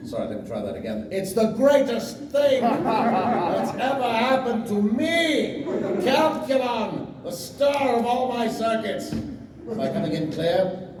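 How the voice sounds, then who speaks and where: A man's voice: sits high, very animated, a little slow, crowd noise. A man playing a TV-obsessed boy who performs as a pompous male robot actor, grandiose and self-adoring, in a live comedic script reading. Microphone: phone in the audience. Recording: echoey hall, phone from far off.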